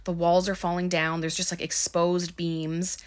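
A woman's voice: lowish voice, level tone, a little slow. A young woman casually recapping a film as a podcast host, rambling with lots of fillers.

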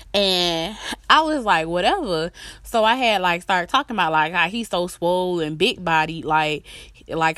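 A woman's voice: on the low side, fairly bright tone, dry recording. A woman ranting to her viewers with relationship advice, blunt and emphatic, swearing heavily as she tells her own stories. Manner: blunt, emphatic, heavy swearing, storytelling asides. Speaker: vlogger giving relationship advice. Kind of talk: casual profane rant to viewers.

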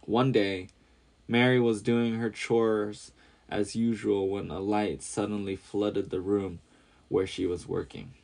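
Low, gravelly male storyteller. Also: darkish tone. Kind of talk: scripted storybook narration.

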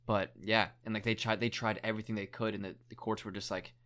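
A man's voice: on the low side, flat delivery, fast, fairly bright tone. A young man in casual chat, retelling a documentary story in a rambling way, full of "like" and casual swearing.

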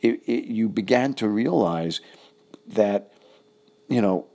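A middle-aged man recalling an old friend in a casual, halting, reflective way with many pauses. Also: fairly low pitch, warm tone. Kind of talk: casual personal recollection.

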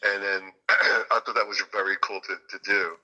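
A man's voice: on the low side, fairly even intonation, moderate pace, sharp tone, dull audio. A man being interviewed as a music producer and guitarist, telling stories in a rambling way with many fillers and restarts. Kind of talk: casual interview chat.

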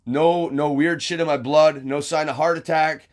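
A man's voice: a little high, fairly even intonation, moderate pace. Young guy on a podcast, swears a lot, rambles w/ likes and uhs, just telling a story. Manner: rambling, profane, full of fillers and restarts. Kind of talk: casual storytelling chat.

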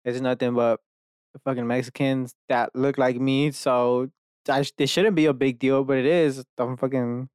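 A young man from Dallas, Texas rambles through a solo podcast, swearing often and breaking off mid-thought to restart. His voice is smooth and clear at a middling pitch. The recording is dry, with no room sound. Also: steady tone, moderate pace, darkish tone, no room sound. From Dallas, Texas, USA. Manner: self-interrupting, many restarts and fillers. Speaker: podcast host.

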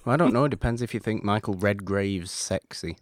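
A man hosting a podcast, chatting casually and rambling with self-mocking humor and sudden excited bursts. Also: lowish voice, brisk, no room sound, studio quality. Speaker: podcast host. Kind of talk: casual chat.

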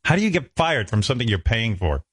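A man's voice: mid-range voice, sing-song, quick pace, fairly bright tone, breathy edge. A man hosting a radio talk show, telling self-mocking comic stories and acting out other people's lines. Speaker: radio host. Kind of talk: comic storytelling chat.

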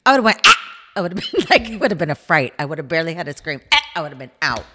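A woman co-hosting a casual podcast who trades jokes and quips in animated banter. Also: sits low, very fast. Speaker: podcast co-host. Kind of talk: casual chat.

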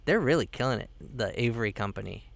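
A man co-hosting a casual podcast over a video call, chatty and quick to react. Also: medium pitch, lively intonation, creaky, dry recording. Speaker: podcast co-host. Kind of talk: casual chat. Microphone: microphone on a video call.

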